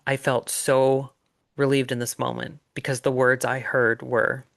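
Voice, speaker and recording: A middle-aged man telling his own story in an earnest, reflective way, with pauses and fillers. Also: medium pitch, level tone, vocal fry, a bit bright, no echo, clean studio sound. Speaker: life coach sharing his story. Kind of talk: personal storytelling monologue.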